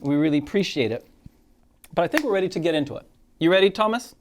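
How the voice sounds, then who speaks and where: A man's voice: a little high, expressive, fast, a little hiss or hum. A man with a New Zealand accent, hosting a game livestream in upbeat casual banter and laughing often. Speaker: host and game master.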